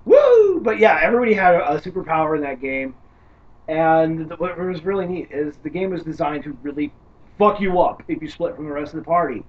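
Man, casual chat about tabletop games, animated storyteller, swears a lot, slightly high voice, heard from a distance, dull sound. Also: brisk. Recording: distant dull mic with faint background noise.

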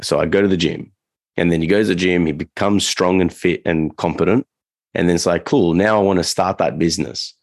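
Deep gravelly man chatting on a podcast. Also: fairly even intonation, a little fast, a little mellow, no room sound. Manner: rambling, loose delivery with many fillers and restarts. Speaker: podcast co-host and dog trainer. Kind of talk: casual podcast chat.

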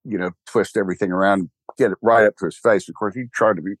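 A man's voice: low-pitched, steady tone, fast talker, breathy edge, dry recording. Older texan guy rambling in a chat, wry, lots of restarts, dry close sound. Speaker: guest, church co-founder. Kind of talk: casual interview chat.

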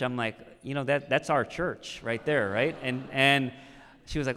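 A man's voice: medium pitch, moderate pace, bright, forceful tone, clean tone. Man, pastor, conversational sermon, frequent asides, resonant voice, long reverb of a large sanctuary. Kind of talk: sermon with personal storytelling.

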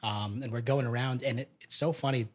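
A man's voice: mid-range voice, steady tone, brisk. A young adult man hosting a casual podcast, upbeat and chatty, laughing often. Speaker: podcast host.

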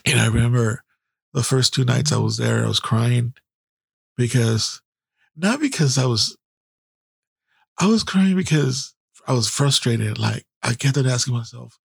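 Gravelly, profane middle-aged man. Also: medium pitch, measured pace, long pauses, dry recording, studio quality. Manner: blunt and heavily profane. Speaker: podcast host. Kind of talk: candid personal storytelling.

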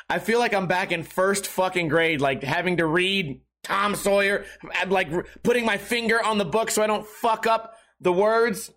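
A man's voice: sits high, normal speed, a bit bright. A man hosting a podcast, talking casually with sarcasm and lots of swearing, often slipping into mocking voices. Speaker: podcast host. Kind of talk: casual comedic podcast monologue.

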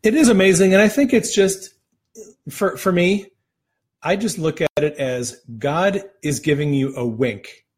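A man's voice: high voice, a little slow, husky. A man hosting a faith talk show, speaking earnestly and conversationally as he retells a healing story. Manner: earnest, conversational, retells stories with quoted voices. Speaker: ministry host.

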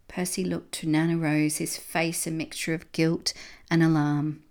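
A woman reading a children's book aloud in a gentle, steady storytelling manner. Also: low voice, unhurried. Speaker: storybook reader.

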